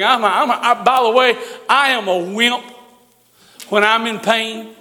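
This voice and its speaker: Older man, folksy preacher, high bright voice, reverberant church. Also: brisk. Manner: folksy storytelling preaching with humor. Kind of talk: sermon. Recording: long hall reverb.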